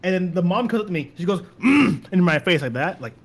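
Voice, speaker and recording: A man's voice: high voice, expressive, fast talker, a little hiss or hum. A young man telling stories in a casual podcast chat, rambling and repeating words as he goes. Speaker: guest.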